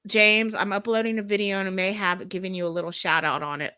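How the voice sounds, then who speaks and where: A woman's voice: mid-range voice, fairly even intonation, quick pace, sharp tone, clean tone, dry recording. A woman with a Texas accent chatting casually on a live stream as co-host, rambling and laughing often. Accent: Texan.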